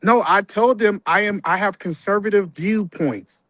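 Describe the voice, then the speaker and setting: Loud guy arguing on a morning show, high bright voice, dry studio sound. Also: no echo. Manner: loud, rapid and insistent, talks over others. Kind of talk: heated debate.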